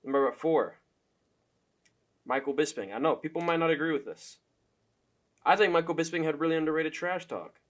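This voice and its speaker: A man's voice: on the high side, animated, a little fast, long pauses. A young man giving loose, profane opinion commentary as a fan, full of fillers and laughs.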